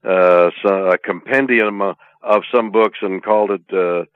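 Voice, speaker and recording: An older man from Canada, a guest in an interview, talking in a halting, playful way with many drawn-out fillers over a phone line. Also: low voice, clear, resonant tone, no echo. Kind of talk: casual interview chat. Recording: tinny dry phone line.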